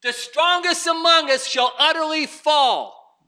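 Preacher guy, real high voice, super bright and sharp, fired up sermon. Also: a little slow. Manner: preaching with rising intensity, reading scripture aloud. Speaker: pastor.

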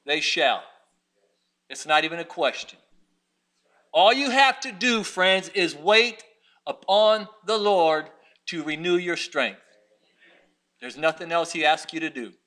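A man's voice: on the high side, expressive, slow pace, pauses often, sharp tone. A man preaching a sermon, reading scripture aloud and driving his points with rising intensity. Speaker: pastor.

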